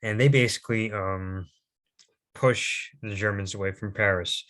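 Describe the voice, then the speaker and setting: A young man with a fairly low voice gives a history presentation in a loose, informal style, rambling, hesitating, saying "um" and restarting sentences. He sometimes throws in self-deprecating remarks. His intonation is fairly even, his pace a little slow, and his tone a bit bright.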